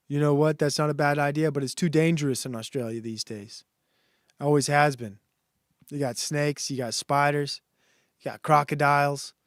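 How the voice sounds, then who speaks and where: Rambling streamer man, fairly high voice. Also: dry recording, studio quality. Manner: rambling, meandering with restarts and frequent ums. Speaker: live streamer. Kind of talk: casual stream chat, reading chat. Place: home room at computer. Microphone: desk mic at computer.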